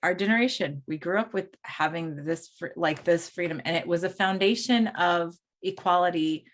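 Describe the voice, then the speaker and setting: Woman, middle-aged, lowish voice, rambling casual chat, reflective coach. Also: moderate pace. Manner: rambling, restarts thoughts, muses aloud. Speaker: podcast co-host and coach.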